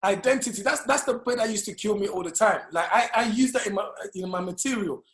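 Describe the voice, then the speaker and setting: Man, British accent, Congolese origin, comedy chat host, animated, high pitch, roomy echo. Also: fast. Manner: animated, laughing, repeats himself.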